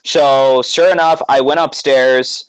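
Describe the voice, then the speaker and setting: A man excitedly recounting a story in casual chat, with many fillers and restarts. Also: medium pitch, takes it slowly, clear, resonant tone, poor audio. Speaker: guest co-host.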